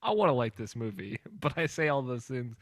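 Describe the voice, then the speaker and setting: A man's voice: medium pitch, big pitch swings, brisk, fairly bright tone, no echo, studio quality. A young man hosting a podcast in casual, rambling chat, laughing often. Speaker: podcast host.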